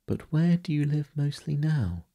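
A man's voice: a little high, big pitch swings, a little slow, gravelly, dark tone, voice pushed up, exaggerated voice. A man voicing a young girl, eager and wondering, asking curious questions in a bedtime storybook reading.

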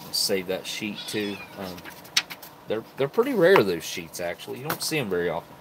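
The recording is very noisy, carrying a lowish male voice at normal speed. An MRE vlogger, slightly tipsy from beer, sits at his home table unpacking food and talks casually to the camera, rambling, relaxed, and thinking aloud through many fillers.

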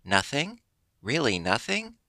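A man's voice: medium pitch, huge pitch swings, slow pace, bright, forceful tone, dry recording, pitched above the performer's own voice, exaggerated voice. A man voicing a fretful, greedy wooden puppet boy who wails and complains in a raised, strained voice. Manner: wailing, fretful.

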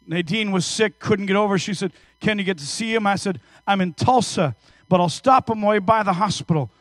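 A man in his fifties preaching a sermon in church, telling stories energetically and swinging between hushed and loud. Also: high voice, brisk, no room sound. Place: church service.

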